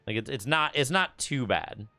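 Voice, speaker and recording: A man's voice: mid-range voice, animated, moderate pace, pushed and bright, no room sound, soft background music. A young man with a Michigan accent, chatting casually to his stream while playing a card game, often stammering and repeating words. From Michigan, USA. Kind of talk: casual gameplay streaming chat.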